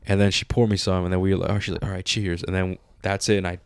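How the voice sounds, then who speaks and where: A man's voice: low voice, fast talker, clear, resonant tone, no room sound, clean studio sound. A man in his twenties co-hosting a podcast, telling a story in casual chat, swearing and acting out the dialogue. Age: 20s. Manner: animated, swears freely, acts out dialogue. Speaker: podcast co-host.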